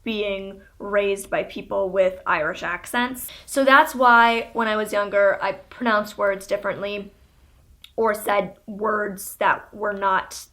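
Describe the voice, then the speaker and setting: A woman in her twenties from Canada, chatting candidly to camera and telling a story about her childhood in a relaxed, conversational way. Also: mid-range voice, slow. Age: 20s. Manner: chatty, candid, with laughs and fillers. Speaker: YouTuber.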